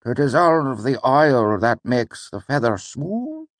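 A man's voice: medium pitch, big pitch swings, slow pace, no echo, voice pushed up. A man voicing a dry, teasing older male teacher who quizzes his student in an audiobook. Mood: wry. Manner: wry, questioning, patient. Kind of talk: audiobook character voice.

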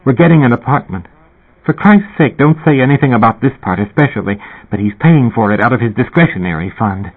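A man reading an audiobook, voicing a giddy, mischievous young woman with a husky, raised voice, on a tinny, phone-like recording. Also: mid-range voice, animated, brisk. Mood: giggly. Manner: giggly, conspiratorial, gushing.

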